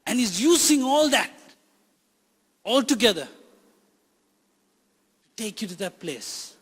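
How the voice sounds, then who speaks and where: Man preaching with a high voice, emphatic, repeats lines, long echo of a hall. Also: big pitch swings, slow, husky. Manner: emphatic, repeats phrases for effect. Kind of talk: sermon.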